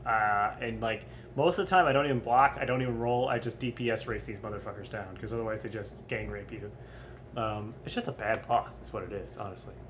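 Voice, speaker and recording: A man's voice: mid-range voice, a bit bright, a little hiss or hum. A young man streaming, ranking game bosses in casual, rambling, profane commentary full of ums. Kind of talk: casual crude gaming commentary.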